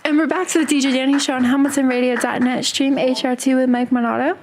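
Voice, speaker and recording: A woman's voice: high-pitched, level tone, noisy background. A woman hosting a small internet radio show, chatting casually and jumping in often. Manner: chatty, quick to jump in.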